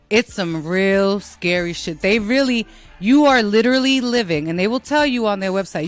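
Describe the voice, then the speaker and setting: An American woman hosting her own show, talking casually to listeners in a blunt, profane and self-mocking way. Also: mid-range voice. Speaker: podcast host.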